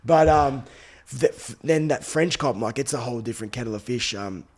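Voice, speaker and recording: An Australian man in his thirties, a former rugby league player, appears as a podcast guest and tells stories in laid-back, slangy chat. His medium-pitched voice moves fairly quickly, and he laughs often.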